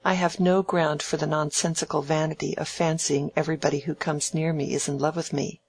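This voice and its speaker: A reader voicing a proud, sharp-witted young woman in a novel, speaking crisply and earnestly with a teasing edge. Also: mid-range voice, little pitch movement, fairly quick. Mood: earnest, spirited. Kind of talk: audiobook dialogue reading.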